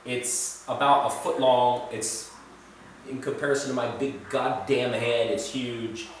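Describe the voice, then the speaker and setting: A man's voice: mid-range voice, steady tone, measured pace, far from the mic, slight background noise. A man rambling casually in a food vlog, chatty and self-deprecating, recorded in an echoey room away from the mic. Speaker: food vlogger. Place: indoors in Serbia, roomy space.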